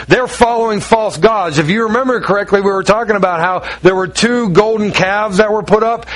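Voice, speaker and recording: A man with a high voice preaches a sermon with emphatic, repetitive phrasing. He breaks off into quick asides to his listeners. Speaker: pastor.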